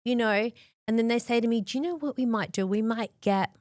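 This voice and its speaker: A slightly high-voiced Australian woman in her forties speaks quickly on a dry recording, a podcast guest recounting her own story frankly. Animated throughout, she acts out what others said and frequently says "like".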